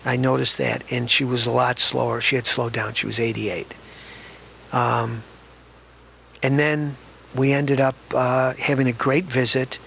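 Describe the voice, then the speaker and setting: A man's voice: medium pitch, little pitch movement, a little slow, vocal fry, a bit bright, a little hiss or hum. An older man, an author, telling stories from his past in a reflective, conversational way during an interview. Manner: conversational, reflective, often restarts sentences. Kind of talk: reminiscing storytelling in an interview.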